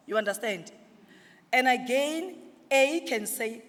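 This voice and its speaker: A woman's voice: mid-range voice, fairly bright tone. A woman leads a teacher workshop, patiently spelling out sounds and syllables and tossing questions to the room. Her voice carries a long reverb off the walls of a large hall. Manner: explains slowly, sounding out letters and syllables. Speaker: literacy trainer presenting to teachers. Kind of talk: workshop presentation with audience questions.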